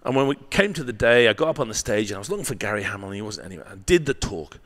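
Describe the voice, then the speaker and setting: Brief: male guest, lively pitch, swears freely, punchy anecdotal delivery, checks in with "right?". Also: rapid-fire. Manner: profane, animated storyteller with tag questions. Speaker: guest, marketing professor. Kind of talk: candid storytelling interview.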